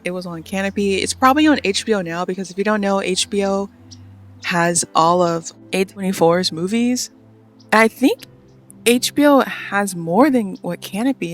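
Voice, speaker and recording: A young woman rambles through her monthly film recap, tossing in filler words and casual slang. Her pitch sits in an ordinary middle range. Faint music plays quietly behind her. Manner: chatty, rambling, lots of "like" and slang. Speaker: vlogger reviewing films. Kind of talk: casual chat.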